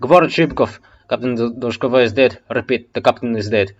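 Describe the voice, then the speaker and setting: A man voicing a panicked male soldier calling for support over the radio, loud and desperate. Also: medium pitch, brisk, slightly rough, highs cut off, lightly acted.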